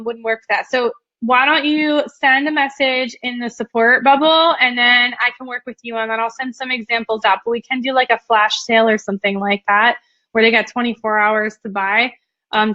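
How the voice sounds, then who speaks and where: A woman's voice: a little high, bright, forceful tone, no room sound, dull audio. A young woman hosting a casual live webinar, chatty and full of ums and likes as she reads out viewer questions and answers them. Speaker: webinar host.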